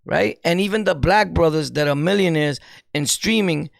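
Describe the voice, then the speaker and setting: Man, New York accent, slightly high voice, gravelly, animated preachy streamer monologue, street slang. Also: moderate pace, dry recording, studio quality. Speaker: streamer and YouTuber. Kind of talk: casual commentary monologue.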